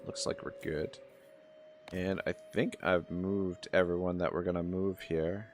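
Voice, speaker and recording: A man's voice: low-pitched, level tone, measured pace. A man from Nova Scotia with a Canadian accent, chatting rambly through a live game stream and reading chat messages aloud. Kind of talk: casual live-stream gameplay commentary. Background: faint game music.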